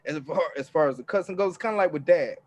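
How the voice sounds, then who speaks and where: Lively storytelling man, higher voice. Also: quick pace. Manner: animated storytelling, acts out quotes loudly, laughs often. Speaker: podcast co-host. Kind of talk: casual chat.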